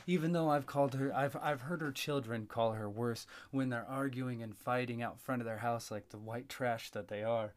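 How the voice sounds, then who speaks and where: Man, podcast host, casual chat, swears a lot, animated storyteller, mid-pitched. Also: moderate pace, few pauses. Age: adult with a young child.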